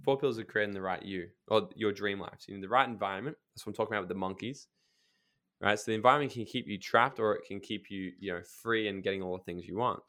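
A blunt man talks on a podcast in a casual, emphatic way, swearing freely as he makes his points. He tells stories with quick asides. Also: fairly low pitch, sharp tone.

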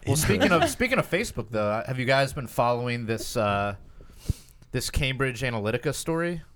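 A man's voice: mid-range voice, big pitch swings, a little fast, a bit bright, a little hiss or hum. A man hosting a casual podcast chat, steering the topics with a sarcastic, swearing edge.

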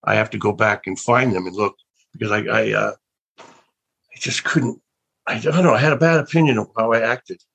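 An older man with a low, gravelly, husky voice tells rambling stories as an interview guest. He circles back and restarts his sentences, wondering aloud about the past in a relaxed, reflective way. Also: moderate pace, dull audio. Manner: rambling, with many restarts and trailing thoughts. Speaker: actor and guest. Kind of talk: casual interview storytelling.

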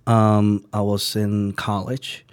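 A man, a sushi chef telling his story as a guest, halting and searching for words and acting out the people he quotes. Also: on the low side, level tone, smooth, no room sound, clean studio sound. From Venezuela. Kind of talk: casual storytelling interview.

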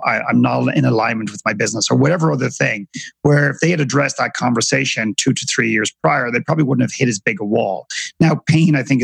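A man's voice: mid-range voice, fairly bright tone, no echo, poor audio. A man from Ireland, a podcast guest, telling stories earnestly and often repeating words as he thinks. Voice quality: gravelly, husky. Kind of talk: reflective storytelling in conversation.

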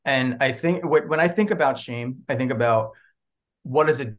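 A man who works as a clinical social worker speaks as a podcast guest in an ordinary mid-range voice. He explains things reflectively, thinking aloud as he goes. He keeps an easy, relaxed manner and laughs readily. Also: medium pitch, moderate pace. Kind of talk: casual podcast interview.

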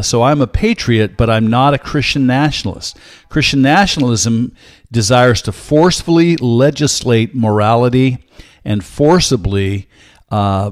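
A man's voice: medium pitch, no echo. Earnest older male Bible teacher. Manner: earnest, measured, with frequent "uh" fillers. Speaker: podcast host and Bible teacher. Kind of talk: solo podcast teaching talk.

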